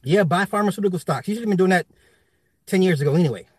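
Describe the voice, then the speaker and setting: A man's voice: high-pitched, very fast, darkish tone, husky, no echo, studio quality. A man ranting casually to his viewers, profane and rambling, laughing often. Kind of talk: casual rant.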